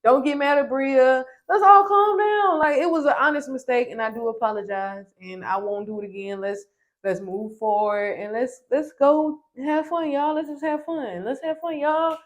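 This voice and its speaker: A young man pleads with a heated group to calm down and move on, his voice pitched high and pushed loud, as a woman acts him out. The pleading is raised and emphatic. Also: moderate pace, natural voice.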